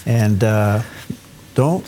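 A man's voice: fairly low pitch, very slow, warm tone, a little hiss or hum. A man hosting a talk show, upbeat and promotional as he steers the interview. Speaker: show host.

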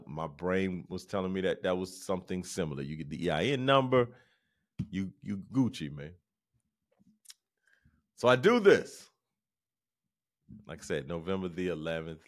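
A middle-aged man with a low, deep voice tells a story in a loose, casual way. He sounds exasperated and animated as he recounts it, often stumbling and starting his sentences over. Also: moderate pace, long pauses. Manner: animated, exasperated retelling with restarts. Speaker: podcast host.

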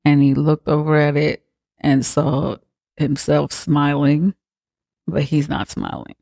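A man's voice: a little high, steady tone, takes it slowly, creaky, darkish tone, no room sound, studio quality. A man hosting a comedy podcast, retelling a horror film in a slangy, profane, laughing way. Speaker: podcast host. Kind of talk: comedic movie recap.

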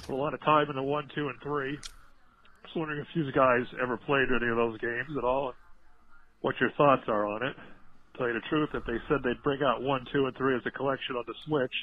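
A man's voice: medium pitch, fairly even intonation, fairly quick, slight background noise. Jokey man leaving a lo-fi voicemail. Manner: jokey, rambling, coughing. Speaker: caller. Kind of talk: voicemail to a podcast. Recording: dull lo-fi voicemail playback.

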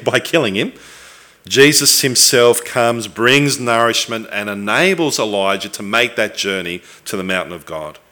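A man preaching a sermon, earnest and reflective, with thoughtful pauses and the odd restart. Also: mid-range voice, bright, forceful tone.

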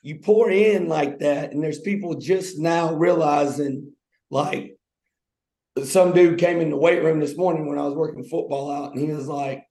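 Gravelly man chatting casually. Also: a little high, fairly even intonation, moderate pace, warm tone. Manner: informal and slangy, says "bro" and "man". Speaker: podcast co-host, athletic trainer. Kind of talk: casual chat. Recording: roomy echo.

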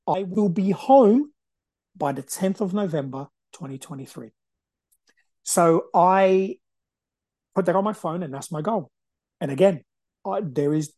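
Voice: medium pitch, darkish tone, no echo. A podcast host in their forties, talking through a personal story in an emphatic, determined way and repeating phrases for stress. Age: 40s.

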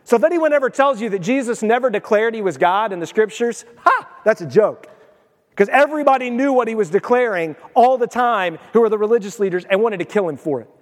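A man's voice: sits high, expressive, brisk, in a large hall. A male pastor preaching a sermon in an emphatic, conversational way with casual asides.

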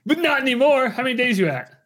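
High, animated man hosting a comedy podcast. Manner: playful, quick to laugh. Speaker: podcast host. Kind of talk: casual comedy banter.

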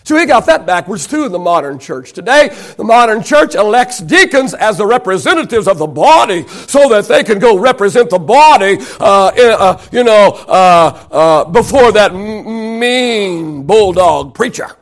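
A man's voice: sits high, sing-song, normal speed, few pauses. A man preaching a sermon as pastor, building emphasis and asking the congregation rhetorical questions.

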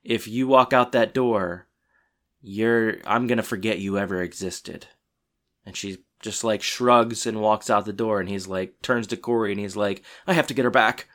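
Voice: mid-range voice, normal speed. Rambling laid-back co-host. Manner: relaxed, rambling, lots of "like" and fillers. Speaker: podcast co-host recapping a TV episode. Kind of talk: casual chat.

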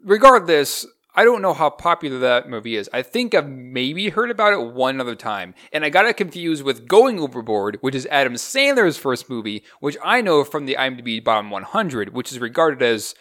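Animated young man reviewing a movie. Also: mid-range voice, normal speed, few pauses. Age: young adult. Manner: animated, rambling, critical. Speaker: movie review podcast co-host. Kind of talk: casual movie review chat.

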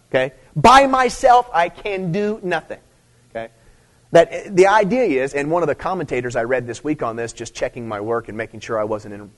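A man preaching a sermon in a casual, conversational way, repeating phrases, checking in with "okay?", and rising to loud emphatic stress. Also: medium pitch. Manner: conversational, repeats himself, frequent "okay?" and "see"; rises to loud emphatic stress on key points. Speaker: pastor.

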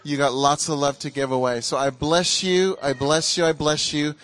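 A man preaching in a relaxed, conversational way and leading a congregation in prayer. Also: a little high, normal speed. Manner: ecstatic, exclaiming and laughing during prayer. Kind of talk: charismatic sermon and prayer ministry.

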